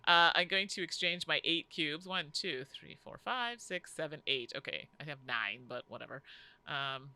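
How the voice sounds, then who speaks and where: A woman's voice: low voice, moderate pace, clear, resonant tone. A woman co-hosting a casual board game playthrough, groaning and joking at herself as her turn goes badly. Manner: animated, groaning and self-deprecating.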